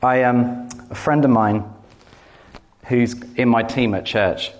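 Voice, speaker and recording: A man's voice: medium pitch, fairly even intonation, takes it slowly, slight background noise. A man preaching and telling a personal story in an earnest way, doubling words for stress and breaking into laughter. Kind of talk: teaching talk with personal story.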